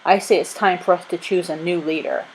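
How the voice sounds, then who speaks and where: A woman's voice: on the low side, fairly even intonation, brisk, slight background noise, lightly acted, poor audio. A woman reading a storybook aloud, voicing a determined male sailor who talks firmly and commands the others.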